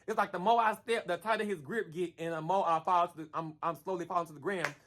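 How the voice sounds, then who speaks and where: A man telling a story in a casual storytime vlog, animated and slangy, who keeps calling the listener "girl" and acts out the punches with sound effects. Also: sits high, quick pace, slight background noise. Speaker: storyteller vlogger.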